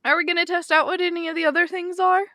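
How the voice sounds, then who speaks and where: A young woman hosts a livestream, chatting casually and breaking into laughter often. Her voice is high and bright. She is close to the mic in a dry, dead sound. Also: level tone, fast talker, creaky, dry recording. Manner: giggly, chatty, lots of laughing. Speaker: streamer host.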